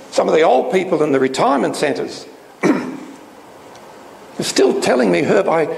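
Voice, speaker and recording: A man's voice: fairly high pitch, gravelly, a little mellow. A man preaching a sermon with emphatic delivery and frequent rhetorical questions. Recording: echoey hall with faint noise.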